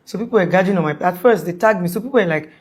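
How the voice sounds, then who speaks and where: A woman's voice: fairly low pitch, racing, a little mellow. A young woman recounting an emergency in a rambling, casual way with many restarts and "like"s. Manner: rambling, restarts often, uses "like" a lot. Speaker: guest telling her story. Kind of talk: casual storytelling in interview.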